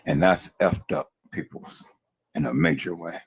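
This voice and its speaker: Furious deep-voiced man ranting on a livestream. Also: steady tone, unhurried, creaky, husky. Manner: furious, repeats himself, addresses viewers as peoples. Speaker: livestream host. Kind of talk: angry livestream commentary.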